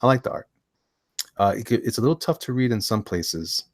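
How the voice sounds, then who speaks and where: A man's voice: mid-range voice, animated, brisk, dry recording, studio quality. A man hosting a casual chat show, flipping through comics, often laughing and repeating himself. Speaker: host.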